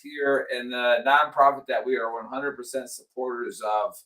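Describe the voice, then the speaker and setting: A man's voice: mid-range voice, fairly even intonation, normal speed, sharp tone. A middle-aged man hosting a casual veterans' show, earnest and pleading, repeating himself for emphasis. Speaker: podcast host. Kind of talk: casual chat.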